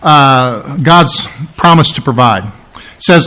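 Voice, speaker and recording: A man's voice: mid-range voice, lively intonation, unhurried, pushed and bright. A male pastor preaching a conversational, emphatic sermon, often asking rhetorical questions.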